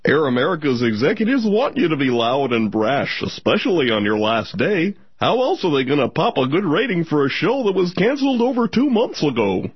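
A soft, husky cartoon turtle, kindly and wise, his pitch swinging up and down as he soothes a troubled friend, as a man puts him on. The sound is dry and a little dull, like a lo-fi radio sketch. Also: big pitch swings, fairly quick, few pauses, no echo. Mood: reassuring. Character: kindly male cartoon turtle mentor, gentle.

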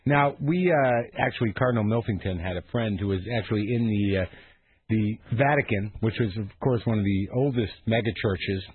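A man's voice: lowish voice, brisk, breathy edge, dry recording. Sarcastic man hosting morning radio. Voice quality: sarcastic, rambling riffs. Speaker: radio host. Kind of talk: morning radio talk show. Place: radio studio. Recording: narrow phone-like radio sound.

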